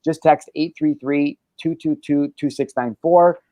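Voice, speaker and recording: A man's voice: fairly high pitch, fairly even intonation, measured pace, mellow, no room sound. A man hosting a casual podcast, talking in a brash, boastful and profane way. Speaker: podcast host.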